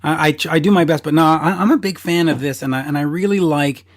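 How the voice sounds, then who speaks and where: A man's voice: on the high side, fast talker, no room sound, studio quality. A man hosting a podcast, chatting enthusiastically and bluntly, losing his voice a little. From Canada. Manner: enthusiastic, blunt, swears casually. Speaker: podcast host. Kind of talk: casual interview chat.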